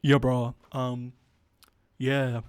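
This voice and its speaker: A man's voice: mid-range voice, flat delivery, very slow, clear, resonant tone, no room sound, studio quality. A man putting on a crass, cocky young male stand-up comic who keeps calling the crowd mate and bro. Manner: brash, blokey banter full of mate and bro.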